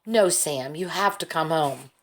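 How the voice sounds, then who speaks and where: A worried mother pleads with quiet firmness, as a woman reads her in an audiobook. The voice is somewhat low and even. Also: a little slow. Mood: pleading. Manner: pleading and firm. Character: worried, determined mother, middle-aged woman. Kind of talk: audiobook character voice.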